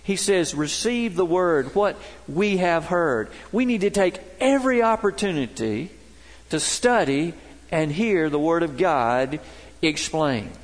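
A man's voice: on the high side, lively intonation, a little slow, long reverb tail. A middle-aged man preaching a sermon to his congregation in a worship center, emphatic and folksy, telling stories to make his points. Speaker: pastor.

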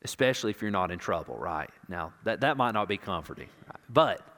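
A male pastor preaching an impassioned sermon, swinging from loud declarations to hushed, intimate moments and repeating words for emphasis. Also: low voice, animated, brisk. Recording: long reverb of a large hall.

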